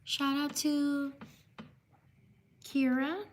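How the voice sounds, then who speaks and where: A woman with a high, fairly level voice hosts a live stream, giving unhurried shout-outs to viewers one by one. She pauses over names she is unsure how to say. A faint hum of noise sits behind her. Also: flat delivery.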